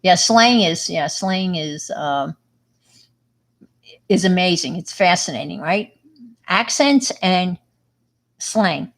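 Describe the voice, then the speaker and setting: A woman's voice: on the low side, expressive, slow pace, long pauses. A middle-aged woman with a New York accent, chatting casually with viewers on her livestream, rambling with lots of fillers and restarts. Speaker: livestream host.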